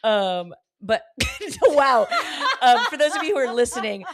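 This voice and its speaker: A woman's voice: on the high side, wildly swooping pitch, measured pace, over loud music. A woman with a Southern California Valley girl accent, a comedian guest on a podcast, talking candidly and animatedly with frequent laughs and restarted sentences. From Los Angeles. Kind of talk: casual podcast chat.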